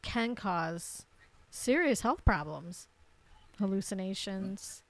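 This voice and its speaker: A woman's voice: medium pitch, animated, slow pace, no echo. Affirming woman co-host, dry sound. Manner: responsive, affirming.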